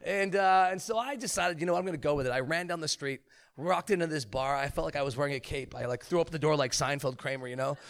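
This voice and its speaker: A man in his thirties telling a humorous testimony story as a preacher, animated and joking. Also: on the high side, quick pace. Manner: animated, joking, acts out quotes.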